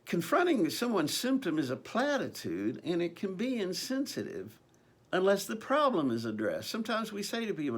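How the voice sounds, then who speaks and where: Guy preaching a sermon, kinda high voice, swoops up and down a lot, earnest and chatty with ums. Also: wildly swooping pitch, moderate pace, husky. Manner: earnest, conversational, with many ums and repeated phrases.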